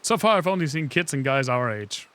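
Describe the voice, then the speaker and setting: A man giving casual, joking commentary while playing a game, sarcastic and quick to swear and laugh. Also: mid-range voice, very animated, a bit bright.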